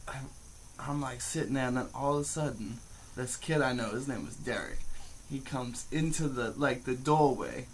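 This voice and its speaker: A man's voice: medium pitch, expressive, normal speed, a little hiss or hum, poor audio. A young man telling a rambling story in casual chat, swearing and saying "like" a lot. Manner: bursts into loud laughing shouts. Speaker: co-host.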